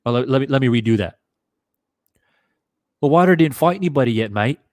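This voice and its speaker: A man's voice: mid-range voice, expressive, fairly quick, dry recording, clean studio sound, natural voice. A man voicing a mocking, swearing British fan in a put-on British accent that drifts toward Aussie. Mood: taunting. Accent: put-on British, mixed with Aussie. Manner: taunting, profane.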